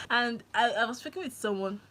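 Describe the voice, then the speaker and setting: A young woman from Nigeria chatting on a live stream from her phone, excitable and laughing often. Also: on the high side, moderate pace, low-quality recording. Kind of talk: casual live-stream chat.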